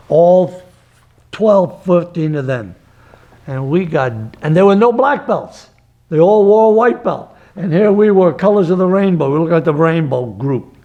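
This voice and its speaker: An older man, a martial arts grandmaster, talking emphatically and digressively in an interview, with breathy gasps between phrases. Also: fairly high pitch, mellow, dull audio. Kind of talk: reflective interview talk.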